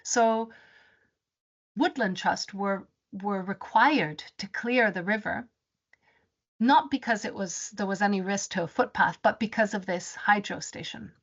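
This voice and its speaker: A woman presenting a webinar as a rainforest advisor. She tells her story in an animated way and often restarts her sentences. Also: medium pitch, unhurried. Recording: dull lo-fi webinar audio.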